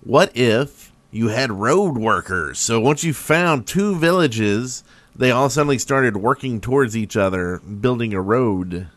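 A man's voice: mid-range voice, expressive, measured pace, fairly bright tone, dry recording. A man hosting a casual podcast chat, joking around and handing out turns to his co-hosts. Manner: jokey, hands out turns. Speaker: podcast host.

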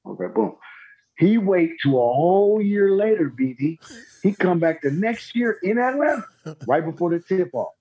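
A man, a former pro basketball player, telling stories in a relaxed, slangy way and laughing often. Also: high voice, moderate pace, dull audio. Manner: laid-back, slangy, laughing storyteller. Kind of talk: casual storytelling chat.

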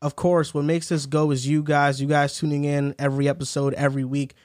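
A man's voice: fairly high pitch, level tone, darkish tone. A young man hosting a casual sports podcast, chatting with friends, telling a story through laughs and rattling off a ranked list. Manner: laughs while telling stories, reads lists quickly. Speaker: podcast host.

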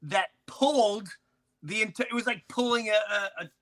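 A man hosting a podcast, telling neighborhood stories in a loose, animated way, with lots of false starts. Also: high voice, moderate pace. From grew up in a city neighborhood near an airport. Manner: animated, with many restarts and acted-out quotes. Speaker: podcast host. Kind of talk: casual storytelling chat.

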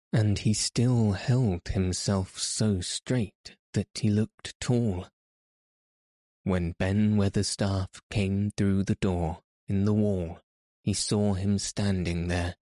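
A man reading a classic story aloud in a measured, scripted narration. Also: deep voice, warm tone, no room sound, clean studio sound. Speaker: audiobook narrator.

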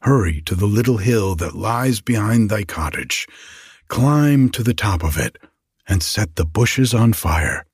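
A man voicing a solemn old storybook wise man who speaks in slow, measured, old-fashioned instructions. The voice is low and a little husky, with lively rises and falls. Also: dry recording, studio quality, full character voice. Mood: instructing.

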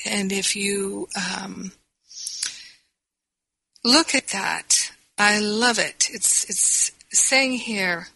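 Slow, bright-voiced woman teaching gently. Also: medium pitch, creaky, slightly rough, no echo, poor audio. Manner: slow, gentle, with restarts and quoted self-talk. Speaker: spiritual teacher. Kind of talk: reflective spiritual talk.

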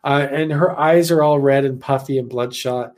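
A man from Idaho telling a personal story about his missionary days in a casual, animated way, full of "like" fillers. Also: mid-range voice, normal speed. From Idaho, USA. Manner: animated, rambling, heavy on "like" fillers.

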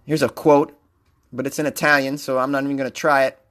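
A man's voice: medium pitch, level tone, quick pace, a bit bright. A man hosting a comedic news podcast, rambling and joking in a self-mocking way. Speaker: podcast host.

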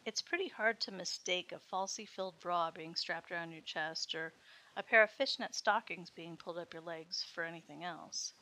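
A woman reading a first-person story aloud as its narrator, in a steady storytelling manner. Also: on the low side, moderate pace. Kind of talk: scripted erotic story narration.

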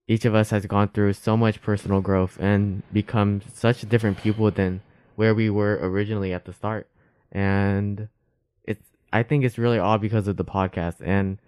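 Young man with a smooth low voice. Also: darkish tone, dry recording, clean studio sound. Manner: rambling, filler-heavy, sincere. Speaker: podcast co-host. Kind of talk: casual heartfelt chat.

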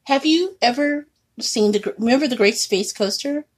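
A woman co-hosting a podcast in casual chat, laughing often and animated. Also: a little high, husky. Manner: laughs often, animated, quick bursts of surprise. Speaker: podcast co-host.

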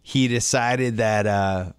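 A man's voice: on the low side, takes it slowly, clean tone, dry recording, studio quality. Chatty, wry male podcast host. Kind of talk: casual chat.

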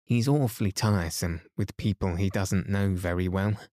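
A man voicing a clever boy who keeps calm and talks in a steady, measured way. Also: sits low, dry recording, clean studio sound, lightly acted. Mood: persuading.

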